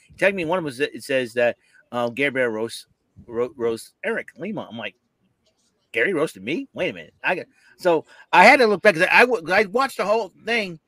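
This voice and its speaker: A man chatting casually on a podcast, telling a story in an animated way and laughing often. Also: on the high side, fairly quick, no echo. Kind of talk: casual chat.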